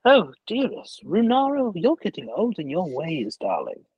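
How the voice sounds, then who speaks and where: A man voicing an old female dragon who speaks with gracious, measured warnings. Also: high voice, wildly swooping pitch, husky, no echo, dull audio, voice pushed up, exaggerated voice. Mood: fond.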